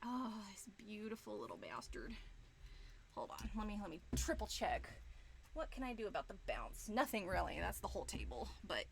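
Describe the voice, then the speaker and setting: A woman in her thirties chatting on a live stream, gushing and excitable, swearing freely. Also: medium pitch, moderate pace, creaky, noisy background. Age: 30s. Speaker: streamer and digital artist. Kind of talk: casual live-stream chat. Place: home studio room.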